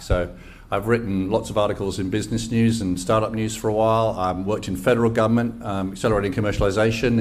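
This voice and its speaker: This English speaker in his sixties has a West Country accent and a voice on the low side, with a little hiss or hum in the recording. Working as an ecosystem engagement lead, he addresses a live event audience in a chatty, enthusiastic, self-deprecating way.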